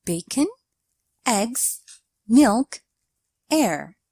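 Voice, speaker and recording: A woman narrating a scripted grammar lesson, explaining slowly and deliberately and reading out example sentences. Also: a little high, big pitch swings, dark tone, breathy edge, no echo. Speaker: English teacher.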